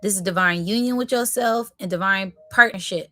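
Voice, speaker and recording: A woman giving a live spiritual tarot reading, talking in affirming, repetitive phrases that break into sudden excitement. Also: medium pitch, brisk, dry recording, clean studio sound.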